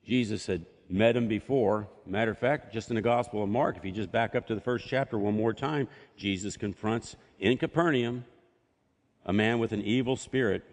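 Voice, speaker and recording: A man's voice: lowish voice, moderate pace, long reverb tail. A man preaching a sermon as pastor, telling a story and acting out voices from the scripture. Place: church sanctuary.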